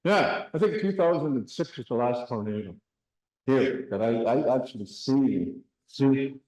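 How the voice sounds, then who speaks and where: A man teaching a classroom language lesson. He speaks slowly, drills words and has the class repeat them. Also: medium pitch, expressive, a little mellow, echoey room, low-quality recording. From Canada.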